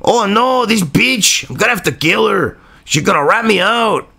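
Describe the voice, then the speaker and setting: A man's voice: high voice, animated, normal speed, creaky, sharp tone, voice pushed up, full character voice. A man voicing a panicked, crude young man in a mock Mexican accent, swearing frantically.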